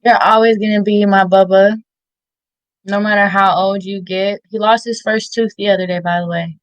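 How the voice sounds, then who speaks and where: A woman in her thirties giving tearful, heartfelt shout-outs in an interview, halting with many fillers. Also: medium pitch, fairly even intonation, no room sound, poor audio. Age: 30s. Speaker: interview guest.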